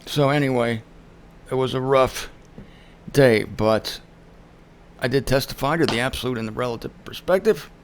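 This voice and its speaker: A man's voice: mid-range voice, normal speed, pauses often, a little hiss or hum. A man hosting his own show, telling a story in an emphatic monologue and acting out the people he quotes. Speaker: show host. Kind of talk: casual monologue.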